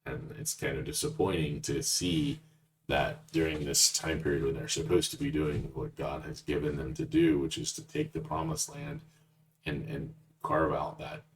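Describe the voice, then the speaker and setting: A man's voice: extremely low pitch, gravelly. A man giving blunt, conversational verse-by-verse Bible commentary as a teacher. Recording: distant mic with faint noise.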